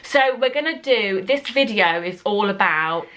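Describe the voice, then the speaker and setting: A woman's voice: medium pitch, animated, measured pace, a bit bright. A young woman vlogging in casual chat, talking emotionally and filling her speech with "like" and "oh my God". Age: young adult. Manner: chatty, emotional, full of "like" and "oh my God".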